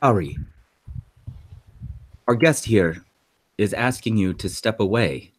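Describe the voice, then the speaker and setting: Man doing formal woman interpreter, stiff careful phrasing, deep voice, slow. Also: animated. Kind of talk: tabletop role-play voicing.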